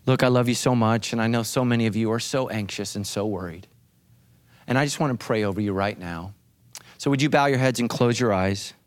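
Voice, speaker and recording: A man's voice: fairly low pitch, fairly quick. A male pastor preaching a sermon with dramatic, emphatic delivery.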